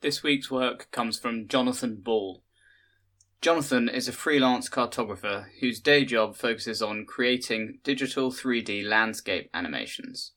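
A man reading a short story aloud for a podcast, in measured, literary narration. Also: mid-range voice, bright, forceful tone. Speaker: podcast reader.

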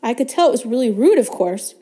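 An earnest young schoolgirl witch speaks up with anxious care, as a woman reading aloud puts her on. The voice rides higher than the reader's narration. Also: animated, a little fast, mellow, close to an everyday voice.

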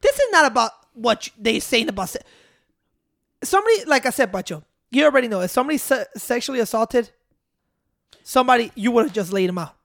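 A man's voice: extremely high pitch, big pitch swings, quick pace, vocal fry, fairly bright tone, dry recording, studio quality. A man telling a story in casual chat, rambling and swearing with street slang.

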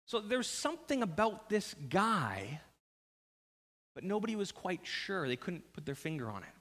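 Animated pastor with a lively voice. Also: male voice, sits high, normal speed, long reverb tail. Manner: animated, conversational storytelling with jokes. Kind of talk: sermon.

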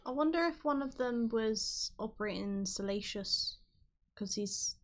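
A woman's voice: on the high side, expressive, a little slow. A woman, co-hosting a podcast in casual chat, often answering with short acknowledgements and hesitant asides. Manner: responsive listener, short backchannels and hesitant asides. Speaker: podcast co-host.

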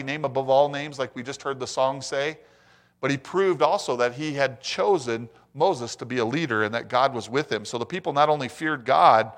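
Man preaching with lively asides. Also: mid-range voice. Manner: animated preaching with scripture reading and asides to the congregation. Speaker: pastor. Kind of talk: sermon.

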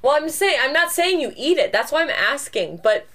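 A woman's voice: high voice, very animated, normal speed, a bit bright. A woman co-hosting a podcast in playful, casual chat, often asking questions. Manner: playful, curious, asks questions. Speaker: podcast co-host.

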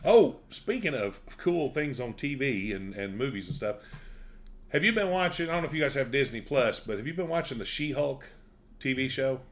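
A man's voice: mid-range voice, big pitch swings, moderate pace. A middle-aged man, chatting casually and laughing as he tells stories and acts out quotes. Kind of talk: casual chat.

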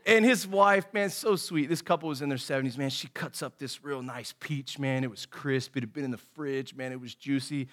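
A man's voice: mid-range voice, brisk, few pauses. A man in his thirties, an associate pastor giving a casual, earnest sermon full of folksy stories, saying "man" over and over. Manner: folksy storytelling, says "man" and "dude" constantly; animated and earnest.

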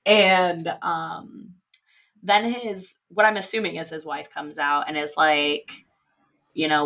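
A woman's voice: sits low, steady tone, measured pace, a bit bright. Chatty young woman recapping a movie. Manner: laughing often, quoting characters in passing. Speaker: podcast co-host. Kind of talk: casual movie recap chat.

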